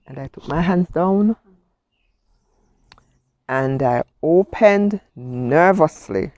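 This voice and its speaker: Slow, heartfelt middle-aged woman. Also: low-pitched, expressive, darkish tone, no echo. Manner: heartfelt, emotional storytelling with quoted speech. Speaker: guest, cancer survivor. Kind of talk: personal testimony.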